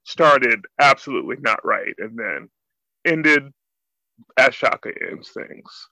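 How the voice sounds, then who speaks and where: A man co-hosting a casual chat, telling stories in a dry, measured way. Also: mid-range voice, lively intonation, gravelly, pushed and bright, dry recording.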